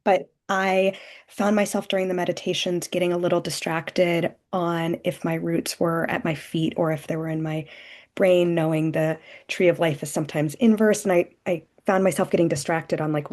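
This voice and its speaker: Woman, deep voice, participant on a video call, musing reflectively. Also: fairly even intonation, normal speed, darkish tone. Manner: reflective, searching, many "like" and "um". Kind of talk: sharing in a virtual group call.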